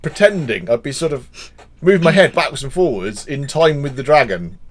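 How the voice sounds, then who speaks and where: Playful English podcast host, lively voice. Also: male voice, medium pitch, fairly quick. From Wiltshire, England. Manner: playful, laughing, teasing. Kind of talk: casual chat.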